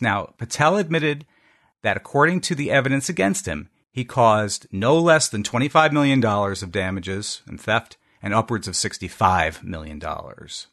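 On a podcast's casual panel chat, an American co-host delivers his prepared segment with wry humor. His voice is fairly low in pitch and a touch bright.

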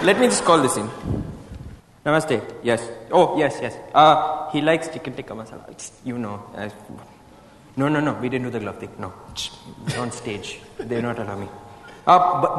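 A man's voice: medium pitch, big pitch swings, moderate pace, a bit bright, slight background noise. A man putting on an Indian accent to play a stern, officious male doctor in a stage comedy sketch. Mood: mock-stern. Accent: put-on Indian. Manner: stern, mock-officious, laughing at himself. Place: live stage. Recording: echoey hall, live stage.

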